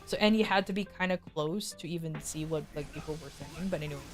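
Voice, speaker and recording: A woman streaming as a VTuber, telling a rambling, self-mocking story to her chat and jumping her pitch high when she quotes people. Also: fast talker. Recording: faint music behind.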